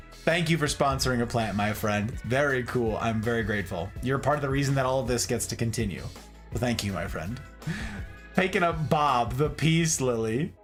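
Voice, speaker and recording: A man hosting a casual livestream, chatting animatedly about houseplants and reading out viewer comments. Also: mid-range voice. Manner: animated, chatty, reads chat aloud. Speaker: livestream host. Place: indoor room full of plants.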